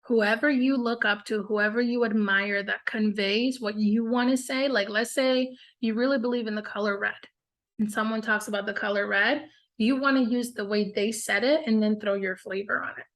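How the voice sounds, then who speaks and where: A woman's voice: mid-range voice, steady tone, moderate pace, a bit bright. A woman hosting a casual group coaching call, upbeat and encouraging, with a lot of "like" and "y'all".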